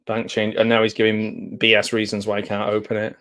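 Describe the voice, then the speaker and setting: A man's voice: fairly low pitch, moderate pace. Chatty man doing live reaction commentary. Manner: chatty, jokey, excitable reactions with laughs. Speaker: commentary host.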